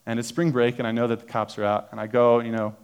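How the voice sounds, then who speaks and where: A man's voice: medium pitch, flat delivery, fast, clean tone. Young man, preacher, church sermon, chatty story, lots of ums. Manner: casual, self-deprecating storytelling with many fillers.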